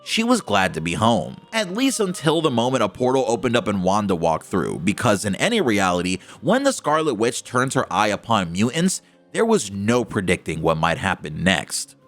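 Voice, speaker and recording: A man narrating a fantasy story dramatically, with expressive delivery. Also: fairly low pitch, moderate pace. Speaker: lore narrator. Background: faint music.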